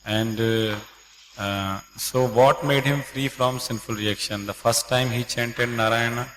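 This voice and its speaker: A man in the audience asking a question hesitantly, with many pauses. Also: medium pitch, steady tone, fairly bright tone. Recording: echoey hall with faint noise.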